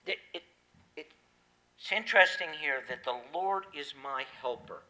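A man's voice: on the high side, animated, normal speed, sharp tone, rough recording. A man preaching a sermon, explaining a scripture passage and stressing key words with emphasis. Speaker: pastor.

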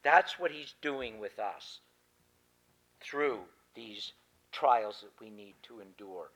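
A man preaching a sermon on scripture, swinging between loud emphatic declarations and quiet asides. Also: lowish voice, takes it slowly, rough recording.

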